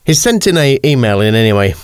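Jokey podcast host, dry sound. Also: male voice, mid-range voice, big pitch swings, fast talker, clean tone, dry recording. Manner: jokey and laughing, reads listener emails aloud. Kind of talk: casual podcast chat.

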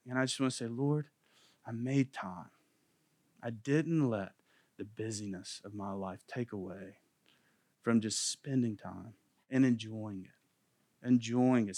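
A man's voice: mid-range voice, no echo, clean studio sound. A man in his thirties giving an earnest, faith-based parenting talk, repeating phrases for emphasis. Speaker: parenting class teacher.

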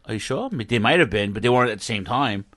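A man's voice: medium pitch, animated, racing, fairly bright tone, dry recording. A man co-hosting a casual chat, talking in a loose, rambling way with many restarts and fillers. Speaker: podcast co-host. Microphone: own mic he mutes.

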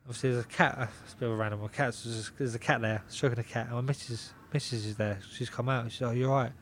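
A young man, a pro boxer guesting on a podcast, telling a story in an animated, repetitive way, swearing constantly and laughing often. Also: mid-range voice, quick pace, a little hiss or hum. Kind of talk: casual storytelling chat.

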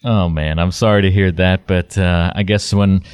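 A man's voice: deep voice, fairly even intonation, moderate pace, a little mellow, smooth, no echo. A man co-hosting a podcast, chatting in an upbeat, easygoing way and bringing in the guest. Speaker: podcast co-host. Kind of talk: casual podcast chat.

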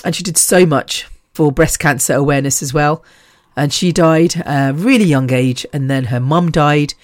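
A woman's voice: low voice, normal speed, no room sound, clean studio sound. A woman in her fifties hosting a podcast, talking in a rambling, chatty way, swearing freely and laughing between sentences. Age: 50s. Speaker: podcast host. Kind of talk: casual podcast monologue.

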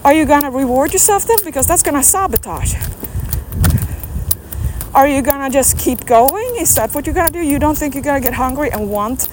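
A woman's voice: sits high, background noise. A woman fitness coach giving a rambling, emphatic motivational talk outdoors, asking many questions.

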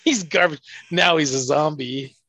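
A man guesting on a podcast, chatting casually, swearing freely and jumping up in pitch when he gets excited. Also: measured pace, dry recording. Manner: animated, profane, jumps in pitch when excited. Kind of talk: casual chat.

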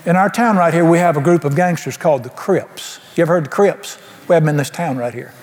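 A man preaching a sermon, folksy and emphatic, firing rhetorical questions and dropping to a low hush. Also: fast. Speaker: pastor. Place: church sanctuary. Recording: long hall reverb.

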